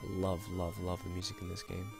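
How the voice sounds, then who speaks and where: A man's voice: low-pitched, monotone, a little fast, creaky, over music. A man giving casual, rambling and enthusiastic commentary while playing an old video game. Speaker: let's play host.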